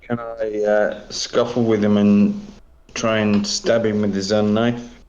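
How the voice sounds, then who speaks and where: A man speaks slowly and tentatively as a player in a tabletop game. His voice sits a little low, and the recording sounds dull and lo-fi. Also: level tone, darkish tone. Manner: slow, tentative questions. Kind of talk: casual tabletop game play. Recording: dull lo-fi audio.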